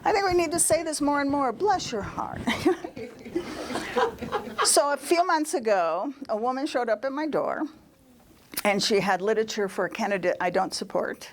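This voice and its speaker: A woman's voice: a little high, expressive, moderate pace, long pauses, slight background noise. A woman giving a storytelling talk at a church service. She is chatty, laughs often and acts out the voices of the people in her stories. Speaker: guest speaker at a church service.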